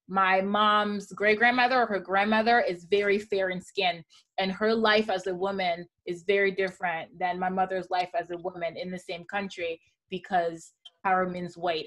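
A young woman from Gabon, speaking as a panelist in a casual discussion and telling candid, lively stories. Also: fairly low pitch.

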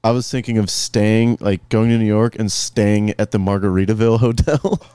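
A man's voice: lowish voice, steady tone, moderate pace, warm tone, clean tone. Laughing, teasing podcast man. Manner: laughs often, teasing reactions. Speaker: podcast co-host. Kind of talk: casual chat.

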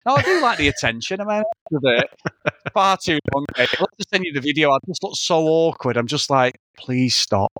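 A man's voice: a little high, sing-song, fairly quick, fairly bright tone, dry recording, studio quality. A man, telling a rambling story in casual podcast chat, swearing often. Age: 40s. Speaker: podcast co-host.

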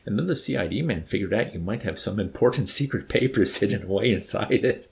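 A pushy, indignant corporal from a read-aloud war novel, as a male reader plays him. His low voice carries a gravelly edge and swings up and down as he presses his point. He scolds and insists without letting up. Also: expressive, fairly quick. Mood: insistent.

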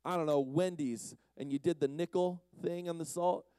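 Playful dark-voiced youth preacher. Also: male voice, on the high side, steady tone, normal speed, smooth, dry recording. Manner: playful, teases the audience. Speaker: youth conference speaker. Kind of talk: casual joking sermon.

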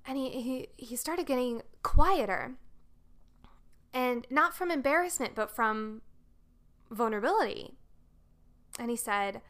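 A woman's voice: a little high, measured pace, a bit bright. A woman hosting a podcast, telling a personal story casually and earnestly, with lots of "like" fillers. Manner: chatty, frequent "like" fillers, earnest. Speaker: podcast host.

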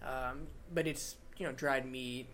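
A man's voice: mid-range voice, fairly even intonation, unhurried, a bit bright, a little hiss or hum. A man narrating and explaining rules as dungeon master of a tabletop game, in a loose, chuckling way.

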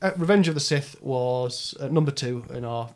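A man's voice: mid-range voice, normal speed, crowd noise. Wry man running a list. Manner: wry, self-deprecating, trails off and laughs. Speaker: podcast host. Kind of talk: casual chat.

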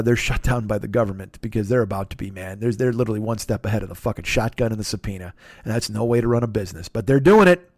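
A man's voice: mid-range voice, dry recording, studio quality. A middle-aged man hosting a comedy podcast, ranting casually in a sarcastic, profane and rambling way.

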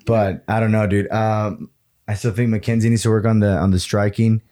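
Dude on a fight podcast, warm mellow voice, cussing a lot, words thrown in. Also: male voice, lowish voice, flat delivery, brisk. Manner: swears a lot, drops into Spanish words. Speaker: podcast co-host. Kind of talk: casual chat about fights.

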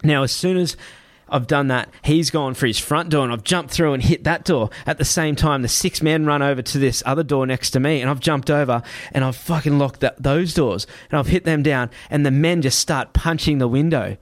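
A man's voice: a little high, normal speed, few pauses, no room sound. A young man casually recounting a story as a guest, swearing heavily and restarting phrases as he goes. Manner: heavy swearing, vivid re-telling with restarts. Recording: dry close sound.

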